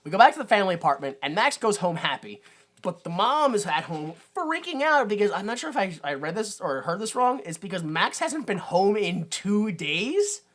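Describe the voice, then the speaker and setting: A podcast co-host talking in a loose, rambling way, full of fillers and wry asides. The pitch swings widely as they recap a film in casual chat. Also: very animated, normal speed, fairly bright tone.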